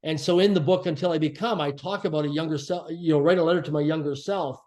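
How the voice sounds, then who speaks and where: A man as a podcast guest, telling a personal story in an earnest, reflective way and slowing down to stress key phrases. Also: a little high, fairly even intonation, darkish tone. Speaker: podcast guest, author and speaker.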